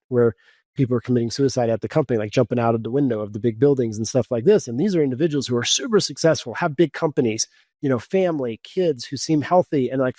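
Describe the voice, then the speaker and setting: A man in his forties from Kansas talks as a podcast guest, winding through his stories with constant "like" and "you know". His voice sits at an ordinary pitch for a man. The sound is dry and close, with no room echo. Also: darkish tone. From Kansas, USA. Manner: rambling, lots of "like" and "you know". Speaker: guest coach. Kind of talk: casual podcast storytelling.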